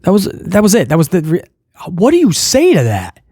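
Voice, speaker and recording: A man hosting a casual wrestling podcast, ranting in an animated, incredulous way. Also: high-pitched, a little fast, husky, no room sound, studio quality. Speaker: podcast host.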